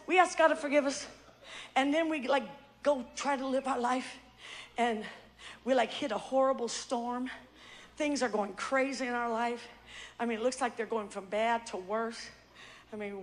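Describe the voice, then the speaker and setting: A woman preaching a sermon, emphatic and often shouting, who calls the congregation to answer her back. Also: high-pitched, slight background noise.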